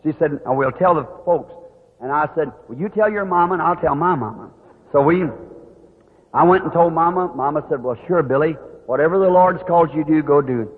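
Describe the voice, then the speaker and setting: A man preaching, telling a story in a folksy, animated way and acting out the people he quotes. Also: a little high, a little fast. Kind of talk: sermon storytelling. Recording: tinny old hall recording.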